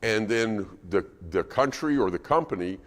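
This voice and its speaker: Lively preacher in an echoey church. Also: male voice, fairly low pitch, moderate pace. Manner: conversational, asks the congregation questions. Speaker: guest preacher. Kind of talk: sermon. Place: church auditorium. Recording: reverberant church hall.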